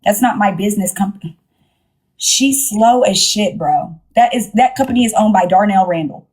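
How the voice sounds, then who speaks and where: A woman talks straight into her livestream, blunt and salty, looping back over the same points. Her voice sits at a middling pitch. The delivery is casual and unscripted. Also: moderate pace, a little mellow, breathy edge. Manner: blunt, profane, repeats herself. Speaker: livestream host.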